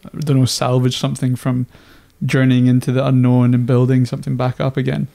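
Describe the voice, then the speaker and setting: A man in casual conversation, speaking in a measured, reflective way. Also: medium pitch, monotone, creaky, warm tone. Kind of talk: casual chat.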